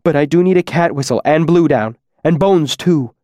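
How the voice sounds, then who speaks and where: A man voicing a frail, frightened young man with a thin, reedy, cracking voice, speaking softly and urgently as an audiobook character. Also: very high-pitched, big pitch swings, slow, dry recording, dull audio, pitched above the performer's own voice, exaggerated voice. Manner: soft, urgent, panicky.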